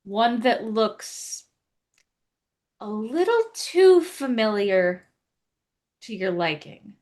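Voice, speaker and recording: Female co-narrator, casual and halting, unhurried, voice on the high side. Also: big pitch swings, darkish tone. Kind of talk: narrating a tabletop game.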